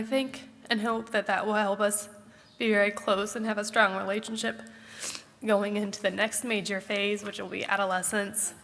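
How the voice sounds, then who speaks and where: A woman in her thirties gives a candid, thoughtful personal reflection at a church service, pausing often with fillers as she gathers her thoughts. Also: mid-range voice, level tone, fairly bright tone. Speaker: congregant sharing a Mother's Day reflection. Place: church sanctuary. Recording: long church reverb.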